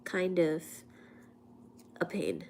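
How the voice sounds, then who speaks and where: A woman from India hosts a casual livestream from her home. She is hoarse from a cold, speaks softly, often slips into a whisper, and coughs now and then. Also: lowish voice, very animated, drawn-out words, slight background noise. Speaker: livestream host and physics teacher. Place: at home, indoors.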